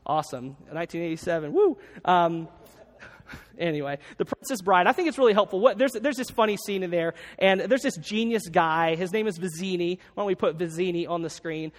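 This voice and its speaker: Man, pastor, high voice, relaxed sermon, repeats main points, church sanctuary, long hall reverb. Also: a little fast. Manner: conversational, repeats key lines for note-taking.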